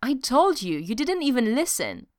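A woman's voice: sits high, sing-song, moderate pace, a little mellow, no echo, clean studio sound, pitched above the performer's own voice. A woman voicing a scheming female trickster god who pleads for attention, in an audiobook reading. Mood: desperate.

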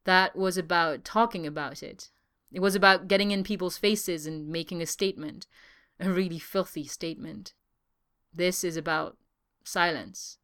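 A gentle, wry man, read by a woman, soft-spoken and fond with a trace of exasperation. The tone is smooth, clear and slightly low. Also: steady tone, normal speed, natural voice.

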